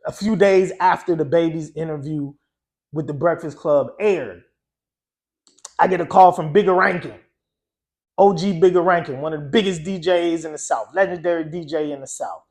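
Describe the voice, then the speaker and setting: A man's voice: a little high, darkish tone. A man, a guest DJ, telling a story in a loose, conversational way, often saying "you know" and "um". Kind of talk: casual storytelling.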